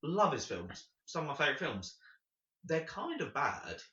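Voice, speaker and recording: A man's voice: a little high, big pitch swings, moderate pace, sharp tone. A man co-hosting a podcast in casual chat, blunt and dry, swearing casually. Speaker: podcast co-host. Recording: dull lo-fi sound in a roomy space.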